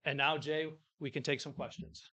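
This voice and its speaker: A man delivers a formal public address as mayor, with a few stumbles along the way. His voice sits a bit high and bright, and it is recorded close and dry. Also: steady tone, moderate pace, no room sound, highs cut off. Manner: formal prepared speech with small slips, storytelling. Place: public event with an audience.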